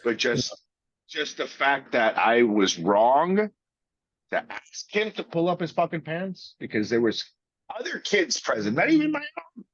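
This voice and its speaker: A man's voice: medium pitch, very animated, a bit bright, slightly rough, no echo. Blunt, profane man, dry lo-fi sound. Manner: blunt and profane, with drawn-out pauses. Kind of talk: casual chat.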